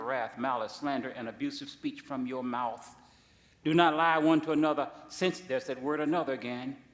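A man pastor preaching a sermon, swinging from soft asides to loud, high-pitched emphasis. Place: church sanctuary. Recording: echoey church hall.

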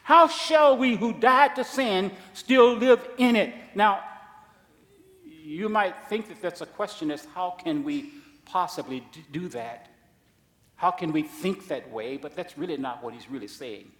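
High-voiced guy preaching, gets loud then drops low, long church reverb. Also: unhurried. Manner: emphatic, swings between loud declarations and quiet asides. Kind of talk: sermon.

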